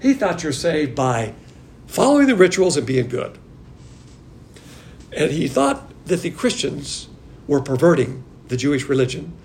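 A man preaching in a lively, conversational way, his voice pitched a little high and swinging up and down as he presses each point. A faint hiss and low rumble sit under the recording. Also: unhurried, pauses often. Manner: animated, emphatic, conversational, with frequent laughs. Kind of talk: sermon.

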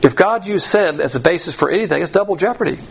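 A man preaching a sermon in an emphatic, blunt way, swinging between loud and hushed delivery. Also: high voice, lively intonation, quick pace, vocal fry, slight background noise, poor audio.

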